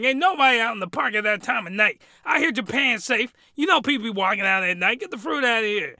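Male comedic reviewer: smooth, clear voice, bone-dry sound, rambling and exclamatory. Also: extremely high pitch, animated, quick pace, hardly any pauses, pushed and bright, dry recording. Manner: rambling, exclamatory, loose and colloquial. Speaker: anime reviewer.

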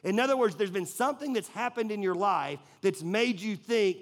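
A man's voice: high-pitched, normal speed. A man preaching a sermon in a casual, conversational way, telling stories with lots of filler words. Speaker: pastor.

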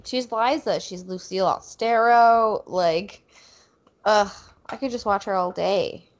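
A woman co-hosting a podcast in casual chat, playful and foul-mouthed with quick quips. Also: mid-range voice, dull audio. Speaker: podcast co-host.

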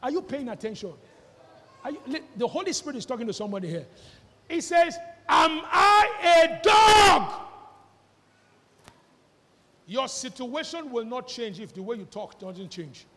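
A male pastor preaching a sermon with fervour, shouting out scripture and quizzing his listeners. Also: extremely high pitch, sing-song, fairly quick, in a large hall, a little hiss or hum. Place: church hall.

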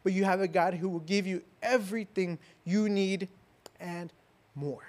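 High-voiced man preaching with emphasis. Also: normal speed. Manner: emphatic preaching with rhetorical questions and repetition; swings between loud declarations and soft, hushed lines. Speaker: pastor. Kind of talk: sermon.

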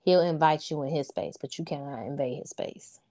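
A woman's voice: low-pitched, normal speed, mellow. A woman talking informally and from the heart as an interview guest, a single mother speaking about her sons. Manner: earnest, heartfelt and informal, with frequent "you know what I'm saying". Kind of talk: casual heartfelt interview chat.

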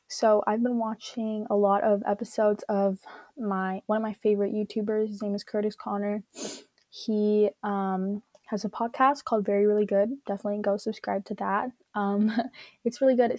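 A woman's voice: mid-range voice, warm tone, no room sound. A woman hosting her own casual podcast, rambling with lots of fillers, giggling and poking fun at herself. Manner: rambling, giggly, self-deprecating, many "like" and "um" fillers. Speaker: podcast host. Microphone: own recording setup at home.

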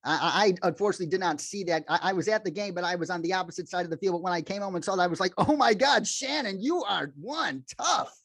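A man's voice: high voice, steady tone, rapid-fire, few pauses, no echo. Upbeat male sports podcast host, dry sound. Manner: upbeat, earnest sign-off.

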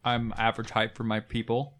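A man's voice: mid-range voice, completely flat delivery, brisk, background noise, close to an everyday voice. A man voicing a very tall, dry and curt warrior in a tabletop game.

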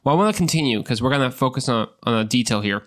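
A man's voice: medium pitch, lively intonation, racing, a bit bright. Podcast preacher, male, casual and jokey, conversational Bible teaching. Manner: joking, conversational, repeats words as he talks.

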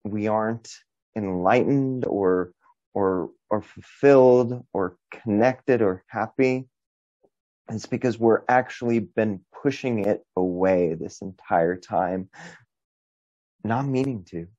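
A man hosting a podcast, speaking slowly and reflectively, with brief listening responses. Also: lowish voice, warm tone, dry recording. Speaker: podcast host. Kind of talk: reflective interview talk. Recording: dull, muffled dry sound.

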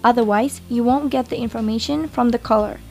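A woman's voice: a little high, brisk, natural voice. A woman with an Indonesian accent playing a helpful young office receptionist, patiently explaining phone manners. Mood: instructive. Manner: patient, instructive. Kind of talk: scripted educational role-play.

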